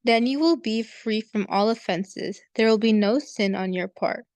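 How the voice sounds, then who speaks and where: A woman's voice: on the high side, measured pace, darkish tone, dry recording. A woman reading aloud the part of a grieving mother who pleads for her son's return. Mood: pleading. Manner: read aloud earnestly. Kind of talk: reading scripture story aloud.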